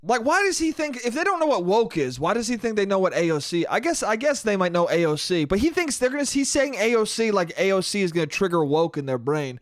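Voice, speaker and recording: Young male podcast host, lively swing of pitch, slangy and profane, dry close sound. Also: fast, few pauses, no echo. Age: young adult. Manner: rambling, swearing, slangy with dude and bro. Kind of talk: casual solo podcast monologue.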